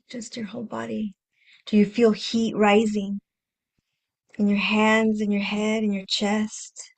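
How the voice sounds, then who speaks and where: A woman hosting a self-help podcast, speaking gently and reflectively, repeating phrases and acting out inner voices with sighs. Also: mid-range voice. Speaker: podcast host and healing coach.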